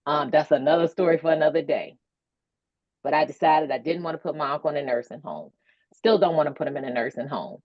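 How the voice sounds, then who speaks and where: A woman's voice: low voice, no room sound, highs cut off. A woman moderating a webinar conversation, telling her story candidly and emotionally, with colloquial asides. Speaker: panel moderator.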